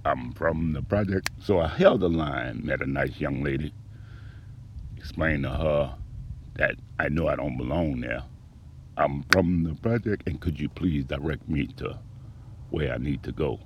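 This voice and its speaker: A man delivering a rhythmic spoken-word monologue about a personal grievance, profane and aggrieved, swinging between low mutters and loud outbursts. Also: normal speed, vocal fry, highs cut off, slight background noise. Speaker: storyteller recounting a personal grievance.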